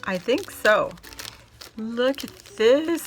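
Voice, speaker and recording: A woman hosting a casual crafting vlog, gushing and excitable as she shows off a handmade gift and talks to her viewers. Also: medium pitch, measured pace, faint music behind. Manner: gushing, excitable, squeals and laughs often; addresses viewers as "guys". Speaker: crafting video host.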